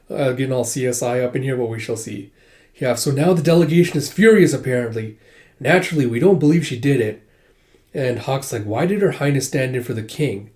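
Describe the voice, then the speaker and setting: This manga reviewer speaks at medium pitch, a little fast, with a dark tone. He chattily recaps a manga volume, acting out the characters' lines in raised voices as he goes.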